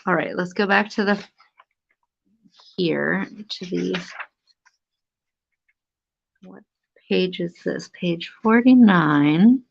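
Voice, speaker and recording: A woman's voice: fairly low pitch, slow, vocal fry, long pauses. A woman hosting a casual live stream, amused and chatty, reading aloud from an old magazine with theatrical emphasis. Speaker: antique book seller hosting a live stream. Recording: dull lo-fi live stream audio.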